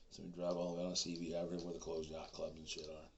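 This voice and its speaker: A man in his sixties telling a personal story, swinging from loud outbursts to whispers. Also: sits low, racing, few pauses. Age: 60s. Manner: animated, swings from shouting to whispering. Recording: dull lo-fi recording with faint noise.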